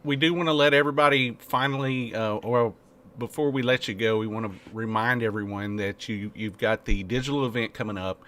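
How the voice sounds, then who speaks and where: A man's voice: mid-range voice, steady tone, fairly quick, a bit bright. A male host on a video call, closing an interview with eager, effusive praise and thanks. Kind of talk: interview chat.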